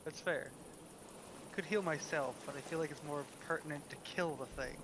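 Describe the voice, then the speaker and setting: A man's voice: a little high, normal speed, background noise. A man chatting as a player in a tabletop game, giggly and self-mocking. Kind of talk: casual game chat.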